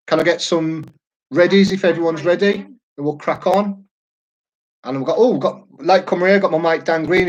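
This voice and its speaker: A man's voice: fairly high pitch, rough recording. A man, hosting a quiz live from home in a chatty, jokey, rambling way. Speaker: quiz host. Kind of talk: casual live-stream chat.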